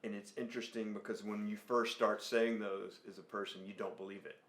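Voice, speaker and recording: Male podcast voice, lowish and relaxed, echoey recording. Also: fairly quick. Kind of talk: podcast conversation. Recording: roomy echo.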